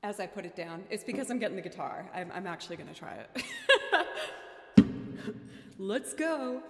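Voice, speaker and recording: A woman's voice: on the low side, fast talker, soft background music. A woman streaming live as a violinist and looper, chatting casually and thinking aloud between takes.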